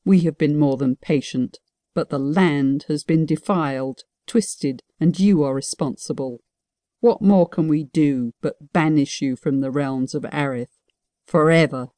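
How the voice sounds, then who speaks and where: A woman voicing an old male wizard counselor who explains gravely and solemnly in an audiobook. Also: sits low, a little slow, dark tone, no room sound.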